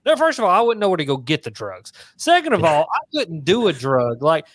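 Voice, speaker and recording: A man's voice: a little high, wildly swooping pitch, brisk, fairly bright tone, no echo. A man from Tennessee, chatting casually and rambling through stories on a live fishing stream. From Tennessee, USA. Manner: laid-back, rambling storyteller.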